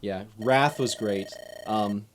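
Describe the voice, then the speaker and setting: A man's voice: fairly low pitch, slow, a crowd in the background. A man casually commentating a video game playthrough as a guest, rambling and hesitant, with frequent restarts. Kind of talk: casual let's play commentary. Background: video game music.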